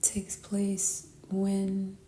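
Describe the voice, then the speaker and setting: A tired woman giving a spiritual tarot reading, talking sleepily and softly, often half whispering. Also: mid-range voice, completely flat delivery, roomy sound, slight background noise. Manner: sleepy, slow and soft-spoken, often whispering. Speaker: tarot reader.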